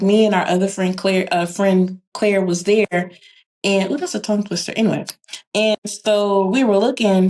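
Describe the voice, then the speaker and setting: Woman guest chatting on a podcast, lively storytelling, acts out quotes, mid-range voice. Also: medium pitch. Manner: animated storyteller who acts out quoted dialogue. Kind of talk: casual chat.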